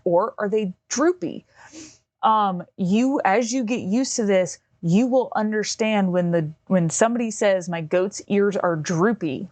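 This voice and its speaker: Chatty woman with a low voice. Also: a little mellow, dry recording. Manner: rambling, conversational, many fillers and restarts. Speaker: podcast host. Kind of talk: casual instructional talk. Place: home.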